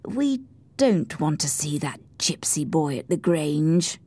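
A woman voicing a polite, discreet gentleman neighbour in a storybook reading, softening to a hush for private matters. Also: fairly low pitch, sing-song, measured pace. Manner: polite, drops to a hushed whisper.

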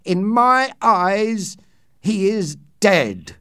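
A man's voice: mid-range voice, sing-song, dry recording, clean studio sound. A man voicing a dying, trembling old doctor. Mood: fearful, grim. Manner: slow and trembling.

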